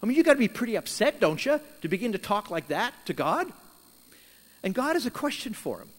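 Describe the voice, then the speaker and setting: A man preaching a sermon, telling a Bible story with lively emphasis and acting out the characters' words. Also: sits high, brisk, in a large hall. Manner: animated storytelling, voicing Jonah and God in quoted lines. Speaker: pastor.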